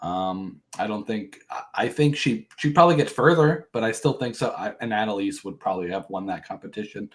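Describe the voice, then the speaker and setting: A man's voice: on the low side, a little fast, hardly any pauses. A man hosting a podcast, casually recapping a reality show in a rambling, profane way with joking asides. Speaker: podcast host.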